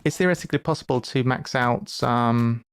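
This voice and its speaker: A man's voice: medium pitch, normal speed, clear, resonant tone. A man giving live commentary while he plays a game, chatty and thinking aloud, with playful asides. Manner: playful asides and mock lectures. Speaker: game streamer.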